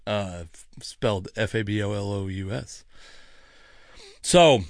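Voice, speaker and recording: A man hosting a podcast, telling a rambling story in a casual, animated way, cursing freely, with many asides, while sipping wine. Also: lowish voice, slow pace, gravelly, no room sound, studio quality. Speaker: podcast host.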